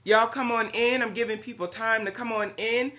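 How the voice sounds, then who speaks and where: A woman's voice: on the high side, steady tone, normal speed, bright, forceful tone. A woman hosting a live-stream meeting, chatty and welcoming, greeting viewers by name and saying "y'all.". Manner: uses Southern-style "y'all".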